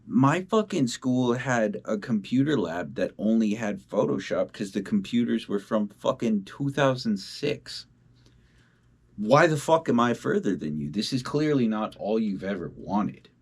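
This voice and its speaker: A young independent musician talks to the camera from home in a casual video diary, blunt and full of profanity. His voice is on the low side, expressive and slightly rough, at a measured pace.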